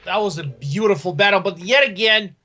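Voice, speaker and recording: A man casting a live tank match, excitable, laughing often and stumbling over player names. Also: high voice, a little fast. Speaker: esports caster.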